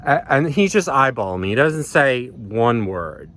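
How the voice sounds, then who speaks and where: A man's voice: mid-range voice, sing-song, measured pace, fairly bright tone, slight background noise. A man telling a personal story in a casual, rambling way, swearing freely and often restarting his sentences. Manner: rambling, profane, many restarts and ums. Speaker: vlogger.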